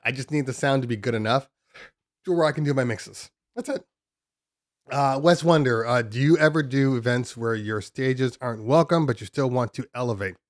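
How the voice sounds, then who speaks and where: A man's voice: mid-range voice, no room sound. Male live-stream host, loose chatty delivery, home-studio feel, dead dry sound. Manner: loose and rambling, many ums and restarts. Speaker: DJ podcast host.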